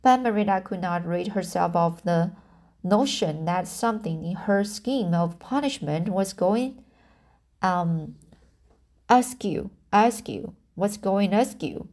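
A woman's voice: medium pitch, expressive, slow pace, a little mellow. A woman reading a novel aloud, often stumbling over words and restarting lines. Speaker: audiobook reader. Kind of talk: amateur audiobook narration.

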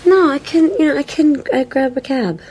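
A woman's voice: high voice, moderate pace, mellow, lightly acted. An actress playing a sleepy woman just woken by a friend's phone call, in a film clip. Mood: sleepy, caring.

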